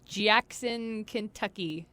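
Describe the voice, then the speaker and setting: A woman singer and band leader, a little hoarse from losing her voice, chatting softly in a radio studio interview. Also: medium pitch, slow pace, no echo. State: hoarse from a lost voice. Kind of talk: casual interview chat.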